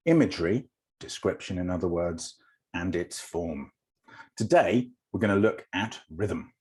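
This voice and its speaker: Low husky guy teaching a casual online lesson, lots of ums and uhs. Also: darkish tone. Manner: rambling, with many fillers.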